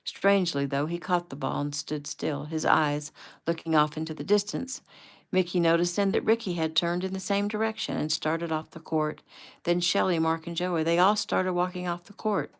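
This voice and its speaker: A woman reading her own novel aloud at home in a relaxed, conversational way. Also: on the low side, normal speed, creaky. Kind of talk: casual audiobook reading.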